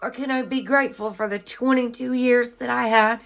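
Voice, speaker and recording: A woman speaking at home in an earnest, heartfelt spiritual monologue, now and then drifting into soft singing. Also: fairly high pitch, fairly even intonation, moderate pace, creaky, soft background music. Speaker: vlogger sharing grief healing. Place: home, in her child's room.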